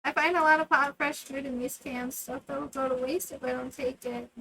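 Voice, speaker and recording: A grumbling old hermit man who lives off scraps , put on by a woman reading game lines aloud. He talks slowly and sounds put-upon and gruff. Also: high-pitched, fairly even intonation, sharp tone, full character voice, poor audio.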